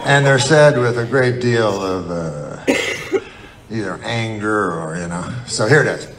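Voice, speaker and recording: A man doing a stand-up comedy set, rambling and mock-earnest in a deadpan way, with sudden outbursts. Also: on the low side, measured pace. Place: live comedy venue with laughing audience. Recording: live stage recording with crowd laughter and noise. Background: audience laughter.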